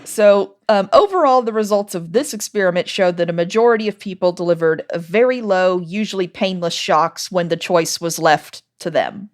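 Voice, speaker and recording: Low-voiced woman explaining on a podcast. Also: moderate pace, few pauses. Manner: explains patiently, laughs often. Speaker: podcast host. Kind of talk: casual explanatory podcast chat.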